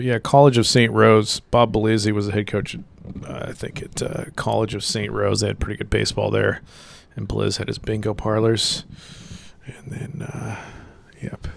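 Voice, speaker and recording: A middle-aged man co-hosting a podcast, rambling through profane stories with laughs, getting loud when he quotes people. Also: lowish voice, gravelly. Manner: rambling, profane, laughs mid-story, swings loud when quoting the angry coach. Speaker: podcast co-host. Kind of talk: casual storytelling chat.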